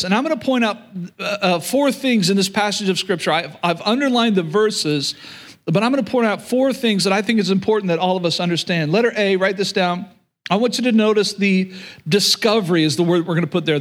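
Male preacher, higher-pitched, earnest and repetitive sermon delivery to a church audience. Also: moderate pace, fairly bright tone. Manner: earnest, repeats words, paraphrases God's voice. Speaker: pastor.

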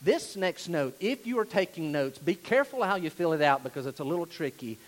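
Emphatic high-voiced male preacher. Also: big pitch swings, fairly quick, low-quality recording. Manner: emphatic, repeats key phrases, varies loudness widely. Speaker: pastor. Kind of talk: sermon. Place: church.

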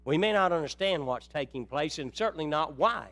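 Preacher man swinging soft to loud. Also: expressive, fairly quick, no room sound. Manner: swings from soft and low to loud and high when stirred; addresses listeners as brethren. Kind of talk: sermon.

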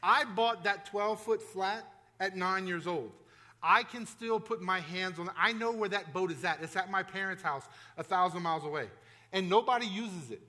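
A man's voice: sits high, normal speed, pushed and bright. A male pastor preaching a sermon in a conversational, emphatic way, with frequent restarts and asides to the congregation.

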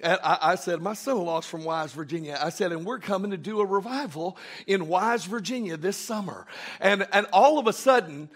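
A man's voice: high-pitched, fairly quick. A middle-aged man preaching a sermon as pastor, telling a story with emphatic bursts.

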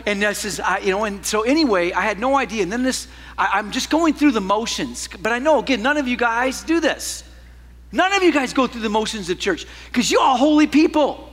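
A man preaching a sermon as a pastor, telling a personal story with animated swings from loud to hushed. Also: high voice, in a large hall.

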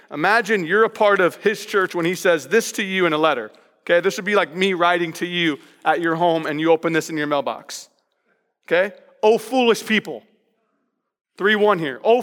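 A male pastor preaching a sermon in a lively, conversational way, hammering points home with playful repetition. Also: high voice, fairly quick, big-room sound.

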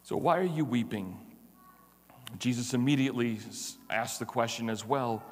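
A man preaching an Easter sermon from the pulpit. He tells the story with dramatic pauses and briefly acts out the people in it. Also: medium pitch, in a large hall. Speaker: pastor.

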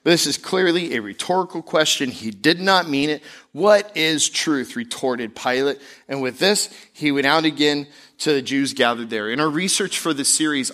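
A man pastor preaching a sermon, animated, slipping into mocking voices to make his points. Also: medium pitch.

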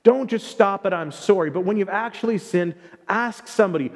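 A man's voice: high voice, moderate pace, darkish tone. A male pastor preaching a sermon in a conversational, emphatic way, with playful asides. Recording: long hall reverb.

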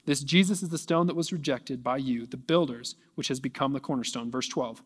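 A man preaching a sermon, reading scripture aloud and rising to near shouting at its peaks. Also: mid-range voice, brisk, hardly any pauses, slightly rough, in a large hall. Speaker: pastor.

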